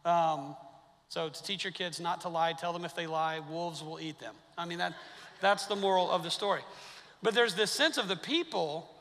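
High, gravelly preacher in a reverberant church. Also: male voice, a bit bright. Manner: conversational, wry asides to the congregation. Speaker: pastor. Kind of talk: sermon. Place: church sanctuary.

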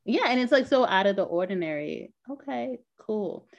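A woman co-hosting a podcast in casual chat, talkative and quick to laugh, with lots of filler words. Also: mid-range voice, animated, creaky. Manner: chatty, laughs often, many "like" fillers. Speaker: podcast co-host. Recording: dull lo-fi sound.

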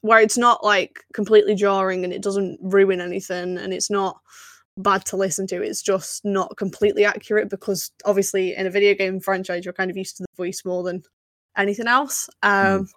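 A woman's voice: medium pitch, flat delivery, fairly quick, fairly bright tone, dry recording. A woman co-hosting a podcast in casual chat, talking freely and laughing often. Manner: chatty, laughing often, lots of fillers. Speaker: podcast co-host.

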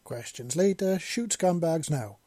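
A man voicing a blunt, calm soldier in power armour who speaks in clipped commands. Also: on the high side, unhurried, dry recording, pitched above the performer's own voice. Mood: commanding.

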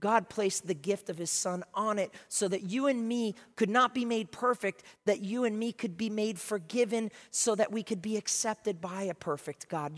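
Man preaching a sermon, high voice, fervent, quiet to loud, long church reverb. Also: moderate pace, few pauses. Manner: impassioned, swings from quiet to loud. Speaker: pastor. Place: church sanctuary.

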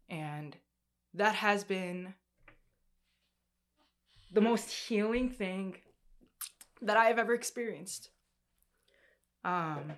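Young woman, gentle, halting personal testimony to her viewers, restarts often. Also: medium pitch. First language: Korean heritage, speaks some Korean. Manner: soft, halting and emotional, with many restarts. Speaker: speaker sharing a personal story.

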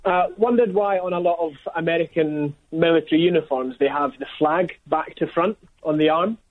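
A man's voice: on the high side, normal speed. A man calling a radio phone-in with a question, casual and inquisitive, heard down a phone line. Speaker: caller. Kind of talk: phone-in call.

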